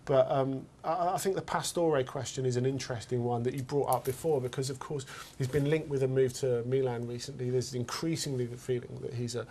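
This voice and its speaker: A man's voice: medium pitch, fairly even intonation, a little fast, hardly any pauses, mellow, a little hiss or hum. A man discussing football in a casual studio chat, talking hesitantly and often repeating his words as he thinks. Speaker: football pundit.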